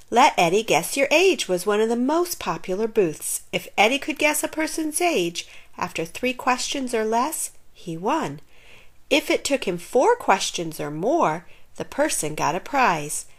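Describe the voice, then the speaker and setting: Animated woman reading a kids' book. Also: mid-range voice. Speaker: narrator. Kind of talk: reading a children's picture book aloud.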